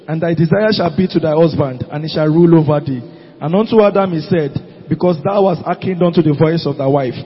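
A man reading scripture aloud during a church service, steady and measured, with an occasional slip. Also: a little high, breathy edge. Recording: dull, lo-fi recording in a reverberant hall.

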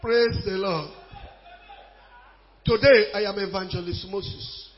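A man preaching a sermon as an evangelist, shouting and chanting in a sing-song way. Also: high-pitched, slow. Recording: dull lo-fi recording.

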